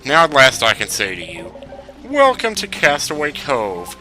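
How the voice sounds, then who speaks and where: A man's voice: mid-range voice, huge pitch swings, measured pace, pushed and bright, faint music behind, exaggerated voice, poor audio. A man reading the lines of a jolly, welcoming older male town governor in a genial way. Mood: jovial.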